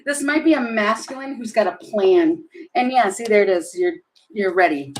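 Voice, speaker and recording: A woman's voice: mid-range voice, lively intonation, moderate pace, a little hiss or hum, poor audio. A woman giving a casual tarot reading, chatty and giggly, thinking aloud as she turns the cards. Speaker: tarot reader.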